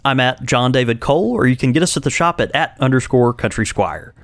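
A man's voice: medium pitch, a little fast, no echo, clean studio sound. A man co-hosting a podcast in casual chat, talking in an easygoing, rambling way with restarts and chuckles. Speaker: podcast co-host.

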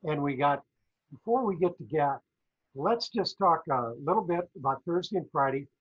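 A man's voice: a little high, animated, normal speed, slightly rough. A man co-hosting a business talk show, chatty, rambling and playful. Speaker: co-host, former professor. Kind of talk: casual talk-show chat. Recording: dull lo-fi audio.

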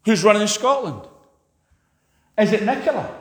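A man preaching a sermon, impassioned, swinging sharply between loud and quiet. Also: big pitch swings, a little slow. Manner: impassioned, rises and drops sharply in pitch and volume. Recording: long hall reverb.

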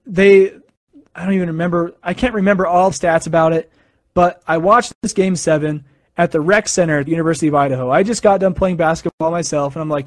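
Young american guy chatting on a stream, kinda high voice, rambles a lot, dry sound. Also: fairly even intonation, fast, no room sound. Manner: rambling, chatty, with fillers and self-corrections. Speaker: live stream host. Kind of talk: casual sports chat.

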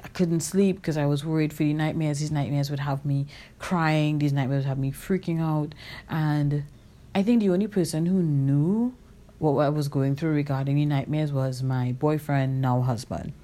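Low mellow-voiced woman telling her story. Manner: candid and reflective, with many fillers and self-corrections. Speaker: podcast host. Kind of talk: personal storytelling monologue.

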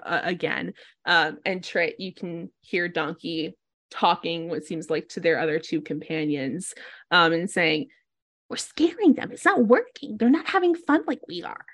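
A woman's voice: lowish voice, sharp tone, dry recording, studio quality. A woman narrating a tabletop game as game master, loose and full of fillers.

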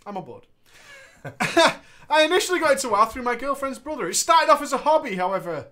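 Man, high bright voice, very lively pitch, playful, laughs a lot. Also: brisk. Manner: laughs often, playful, expressive. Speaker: co-host reading a story. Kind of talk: casual banter podcast.

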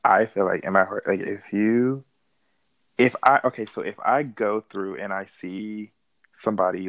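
A man's voice: low-pitched, gravelly, a bit bright, poor audio. A man in his thirties, a little drunk, talking casually with many restarts and laughs. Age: 30s. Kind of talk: casual chat.

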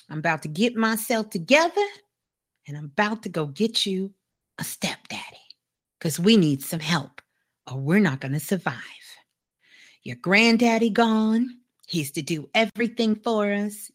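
A woman storyteller voicing a proud, determined mother wolf who talks firmly and reassuringly to her pups. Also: mid-range voice. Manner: firm, reassuring.

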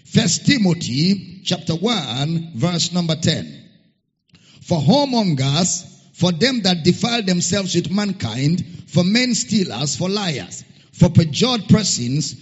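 Male pastor, high husky voice, slow emphatic scripture reading, reverberant hall. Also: big pitch swings. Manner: spells out a Greek word letter by letter. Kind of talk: sermon. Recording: muffled sound with long hall reverb.

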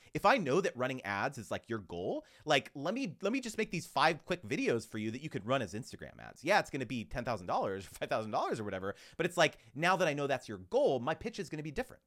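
Guy on a podcast giving advice, lively up and down voice, acts out quotes, lots of likes. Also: mid-range voice. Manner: animated, acts out quoted dialogue, many fillers. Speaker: podcast guest. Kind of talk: casual conversational advice.

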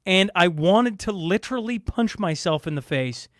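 Guy on a podcast, high voice all over the place, fed up and ranting, dry close sound. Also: lively intonation, moderate pace, no room sound. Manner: exasperated, ranting, stumbles over words. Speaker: podcast co-host. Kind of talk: casual podcast chat.

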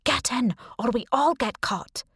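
A woman voicing a young fisherman's son who gives blunt, hurried orders. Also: on the high side, a bit bright, breathy edge, dry recording, studio quality, pitched above the performer's own voice, heavily acted. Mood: urgent.

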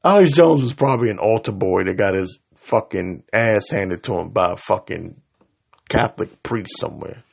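A man delivering a profane, confrontational rant straight to his audience, swinging between loud outbursts and low mutters. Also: expressive, normal speed, creaky, slightly rough. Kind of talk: profane angry rant to camera.

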